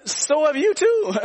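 A man's voice: very high voice, a little mellow, no room sound. A man of around sixty preaching a sermon, repeating lines for emphasis and inviting the congregation to answer back. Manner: repetitive call-and-response preaching with frequent laughs. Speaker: pastor.

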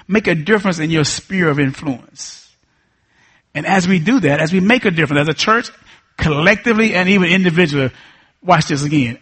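A man's voice: fairly high pitch, fairly bright tone, husky. A man, a pastor preaching a sermon with emphatic, repetitive lines and call and response.

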